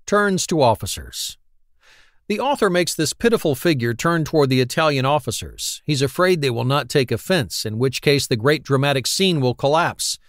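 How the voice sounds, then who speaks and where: A man gives a scripted audiobook narration in a wry, analytical tone. His pitch moves a lot. The sound is dry and close. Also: expressive, normal speed, fairly bright tone, dry recording.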